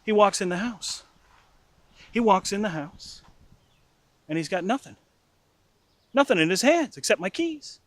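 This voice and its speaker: A middle-aged man telling a comic personal anecdote in an animated, mock-furious way. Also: high-pitched, measured pace, long pauses, no echo. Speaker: storyteller. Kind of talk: casual anecdote storytelling.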